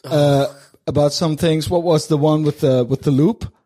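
A man's voice: a little high, fairly even intonation, normal speed, dark tone. A man with a German accent hosting a podcast from a hotel room, chatting casually, laughing easily and teasing his guest. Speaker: podcast host.

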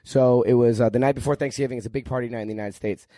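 A man's voice: medium pitch, steady tone, racing, mellow, no echo, clean studio sound. A man who is a podcast guest, telling stories in a casual, crude and joking way and swearing freely. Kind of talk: casual storytelling.

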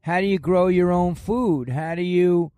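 Older new york guy, high voice, swears a lot, blunt and worked up, dry close sound. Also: a little slow, no room sound. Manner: blunt, profane, animated storyteller. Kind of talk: casual chat.

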